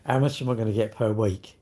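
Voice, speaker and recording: A man's voice: fairly low pitch, fairly quick, warm tone. A middle-aged man hosting a casual livestream, chatting bluntly and jokingly with viewers as he reads their comments. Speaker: livestream host.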